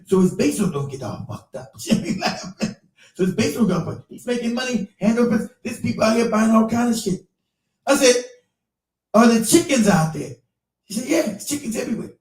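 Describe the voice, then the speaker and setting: Excitable high-voiced man, echoey distance. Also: brisk. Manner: profane, laughing, animated retelling with quoted voices. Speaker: show host. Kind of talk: casual storytelling chat.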